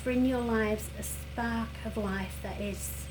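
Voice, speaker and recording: A woman giving a tarot reading who speaks gently and earnestly, with many pauses and fillers, and who sounds emotional and close to tears. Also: fairly high pitch, steady tone, noisy background. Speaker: tarot reader. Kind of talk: reassuring tarot reading to viewers.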